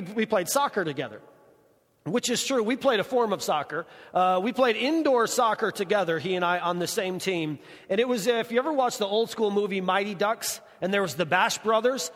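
A young adult man preaching a sermon in a casual, conversational way, slowing down to stress key words. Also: sits high, a bit bright. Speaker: pastor. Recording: long hall reverb.

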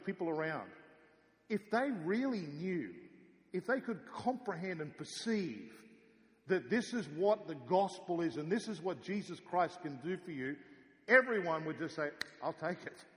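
A male pastor preaching a sermon, telling a story with lively swings from loud to soft. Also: a little high, moderate pace, big-room sound. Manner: animated storytelling, rising and dropping in volume.

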